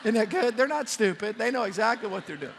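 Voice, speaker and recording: A man preaching a sermon as a pastor, telling the story in an animated way and slipping in jokes. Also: high-pitched, fast talker, creaky, in a large hall, a little hiss or hum.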